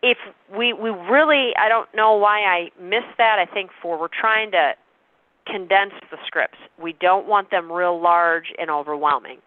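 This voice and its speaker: A woman's voice: on the low side, unhurried, dry recording. A woman coaching a sales team on a call, matter-of-fact and often checking in with "okay?". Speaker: sales trainer. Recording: tinny phone-line call.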